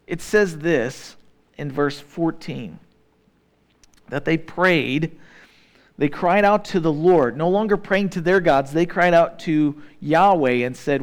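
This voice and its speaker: A man preaches a sermon in a loose, conversational way, retelling the story and putting questions to his listeners. His voice sits a little on the high side for a man. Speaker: pastor.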